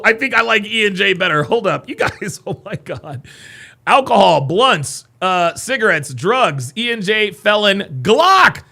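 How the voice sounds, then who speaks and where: A podcast host, reading out viewer comments on a livestream, excitable and loud, with frequent exclamations. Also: male voice, sits high, moderate pace, creaky. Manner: excitable, laughing often, loud bursts of exclamation.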